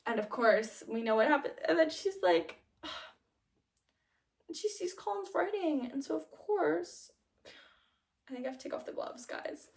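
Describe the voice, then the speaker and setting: A young woman vlogger chatting casually and gushing about a show, with lots of fillers and quick laughs. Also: high-pitched, animated, creaky, recorded from a distance. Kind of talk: casual chat.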